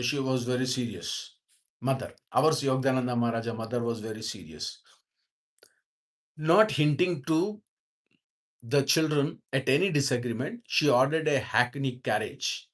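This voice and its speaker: A man leads a devotional book study at a measured, unhurried pace. He reads a line and then goes back over it in plain words, hesitating and restarting as he works through it. His voice sits at an ordinary middle pitch. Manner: slow, repetitive explaining with many fillers and restarts. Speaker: spiritual teacher reading and explaining a book.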